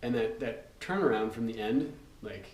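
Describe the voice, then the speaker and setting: A man's voice: medium pitch, moderate pace. A man talking casually as a drum teacher, explaining rudiments in a loose way with fillers. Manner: relaxed, loose, with fillers and counting aloud. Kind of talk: casual instructional talk. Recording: roomy, distant mic, loud noise.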